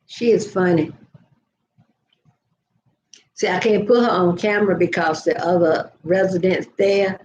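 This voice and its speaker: A woman's voice: fairly low pitch, fairly even intonation, unhurried, long pauses, a little mellow, reverberant, dull audio, a little hiss or hum. An older woman telling stories to viewers in a chatty live video, laughing often. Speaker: vlogger. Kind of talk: casual live chat.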